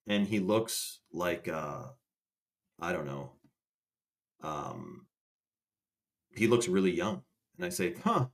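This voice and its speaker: A young man casually telling a rambling story to a live chat, swearing and restarting as he goes. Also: lowish voice. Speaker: livestream host.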